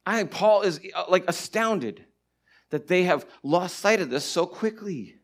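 A man preaching a sermon and teaching from the Bible, animated, swinging between loud stretches and hushed asides. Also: sits high, a little slow. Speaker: pastor.

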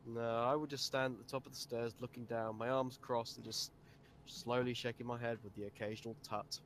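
A man's voice: medium pitch, flat delivery, fairly quick, fairly bright tone, slight background noise. A British man chatting as a podcast guest in a blunt, sweary way with dry humor. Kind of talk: casual chat.

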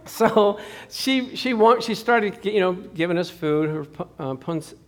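A male pastor preaching a sermon with a notably high voice. He tells personal stories in a chatty, easygoing way and keeps calling out to the congregation for responses. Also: animated, unhurried. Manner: chatty storytelling with crowd call-outs.

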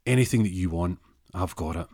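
A man's voice: low-pitched, a little fast, mellow, no room sound, clean studio sound. A man playing a boastful, over-eager husband who works as a car dealer, blustering about looking after his wife.

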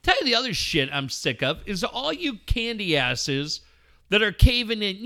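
A man hosting a sports talk radio show, ranting loudly and bluntly with lots of swearing and mocking asides. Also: sits high, huge pitch swings, measured pace, gravelly. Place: radio studio.

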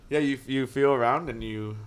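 A man's voice: mid-range voice, normal speed, clean tone. A man narrating as game master, casual and descriptive, with frequent fillers.

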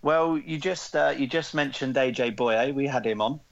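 A man's voice: medium pitch, normal speed, creaky. A man chatting casually as a guest, stopping often with ums and uhs. His voice comes through a muffled, lo-fi recording. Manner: hesitant, lots of ums. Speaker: magazine reporter guest. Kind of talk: casual chat. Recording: dull lo-fi sound.

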